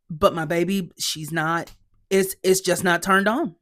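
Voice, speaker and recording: A woman hosting a podcast, giving a sassy, exasperated, animated recap of a TV episode. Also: lowish voice, measured pace. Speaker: podcast host.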